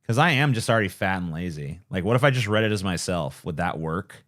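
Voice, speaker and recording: A man's voice: low-pitched, animated, fast, fairly bright tone. Rambling, cursing man on a late-night stream. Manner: rambling, profane, self-deprecating. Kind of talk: casual late-night livestream chat.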